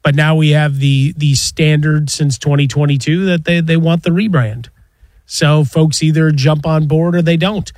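A man's voice: fairly high pitch, steady tone, normal speed, a little mellow, dry recording. A man co-hosting a sports radio show, giving wry analysis and dry asides. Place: radio studio. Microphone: studio mic.

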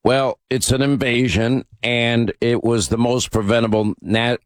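A man's voice: medium pitch, flat delivery, measured pace, no room sound. A man hosting a talk radio show, speaking emphatically and with opinion, often using fillers. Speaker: host.

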